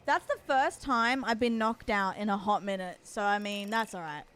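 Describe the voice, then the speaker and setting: A woman's voice: mid-range voice, normal speed, a bit bright, smooth. A young woman streaming a game, chatting casually with viewers, reacting aloud and swearing now and then. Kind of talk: casual gaming stream chat.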